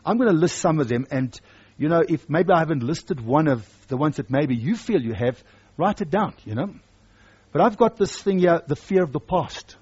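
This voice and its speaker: Husky high-voiced male preacher. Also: lively intonation, moderate pace, darkish tone, muffled recording. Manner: emphatic, repeats key phrases. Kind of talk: sermon.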